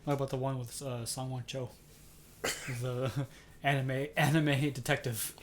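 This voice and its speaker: A man co-hosting a casual podcast who tells stories in an animated way and acts out the quoted lines. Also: mid-range voice, unhurried, very noisy. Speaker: podcast co-host. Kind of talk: casual chat.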